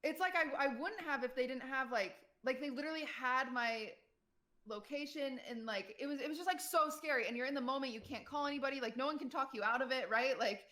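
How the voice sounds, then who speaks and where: A young woman streamer telling a personal story to her chat in a casual, animated way, full of fillers and quoted voices. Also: sits high, a little fast. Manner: animated retelling, quotes people, many "like" fillers.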